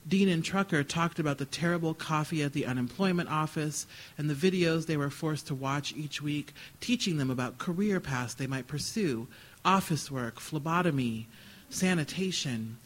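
Man reading fiction aloud, voice pitched fairly high. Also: moderate pace, poor audio. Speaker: author reading. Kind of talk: live reading of literary fiction.

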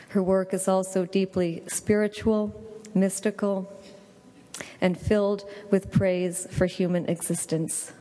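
A woman's voice: fairly low pitch, mellow. A woman reading a prepared introduction of a poet at an event. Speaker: event presenter. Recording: long hall reverb.

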